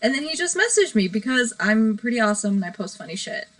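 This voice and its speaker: A woman's voice: a little high, sing-song, fast, fairly bright tone, low-quality recording. Giggly woman hosting a bedroom stream. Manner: giggly, self-deprecating, rambling. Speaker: livestream host. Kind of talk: casual live stream chat.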